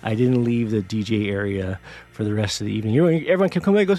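A man's voice: fairly low pitch, fast talker, warm tone, dry recording. A middle-aged man hosting a music show, telling a story in a rambling, self-deprecating way with many restarts. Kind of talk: casual storytelling monologue.

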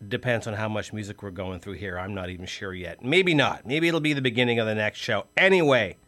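A man's voice: fairly low pitch, a little fast, a bit bright. A man hosting a campus radio show, chatting casually between tracks with rambling asides. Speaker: radio host. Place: radio studio.

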